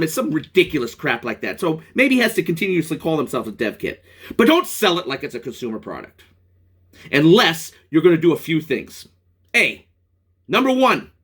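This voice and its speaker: Male vlogger, fired-up profane rant, fairly high pitch with big swings. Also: a bit bright, breathy edge. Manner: angry, profane, rambling rant with restarts. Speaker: product reviewer. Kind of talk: ranting vlog.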